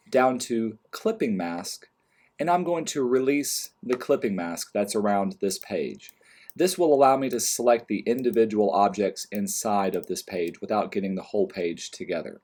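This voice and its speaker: Calm guy explaining a design program, voice kinda low, trails off quiet at the ends, keyboard clicking. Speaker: design instructor. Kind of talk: screen-recorded software tutorial.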